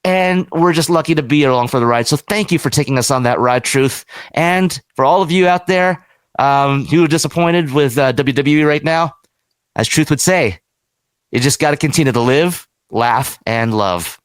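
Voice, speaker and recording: Male radio show host, fairly high voice, dry close studio mic, casual talk show commentary. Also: normal speed, clean tone, no echo. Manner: conversational, reads listener reactions aloud, gets emotional.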